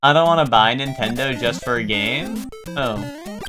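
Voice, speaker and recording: A man's voice: medium pitch, sing-song, measured pace, over music. A young man chatting casually with his viewers during a live game stream, joking and riffing on chat.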